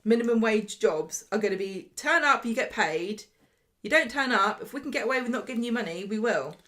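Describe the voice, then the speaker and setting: A woman's voice: on the high side, expressive, fairly quick, bright, forceful tone. A woman co-hosting a casual chat about a TV soap, exasperated and sarcastic, often laughing. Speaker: podcast co-host.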